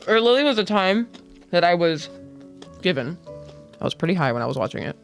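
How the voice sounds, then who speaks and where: A man with a noticeably high voice chats on a podcast, rambling through his thoughts with plenty of fillers. Faint music plays quietly underneath. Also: fast talker, creaky. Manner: rambling, filler-heavy, animated when retelling. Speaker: podcast co-host. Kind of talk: casual chat.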